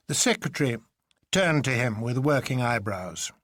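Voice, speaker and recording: A man reading a novel aloud in scripted narration, measured and expressive. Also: medium pitch, dry recording, clean studio sound.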